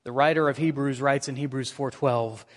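A man's voice: mid-range voice, steady tone, moderate pace. A man preaching a sermon, reading scripture aloud and drawing in his congregation. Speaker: pastor. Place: church sanctuary. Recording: church sanctuary reverb.

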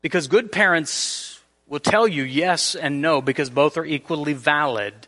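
A man preaching a sermon in a church, explaining scripture and acting out everyday scenes in a lively way. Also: on the high side, normal speed, long reverb tail. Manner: animated, acts out everyday scenarios. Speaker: pastor. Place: church sanctuary.

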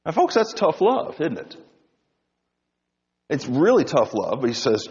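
A male pastor preaching a sermon, swinging between loud emphasis and hushed low tones. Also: sing-song, a little slow, pauses often. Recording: dull sound with long reverb in a hall.

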